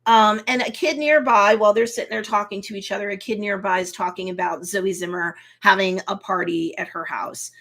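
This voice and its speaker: A woman hosting a casual live review of a TV episode, recapping scenes in a lively way, acting out the characters' reactions, and slipping into motherly advice. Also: medium pitch, brisk, vocal fry, few pauses. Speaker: host and TV reviewer.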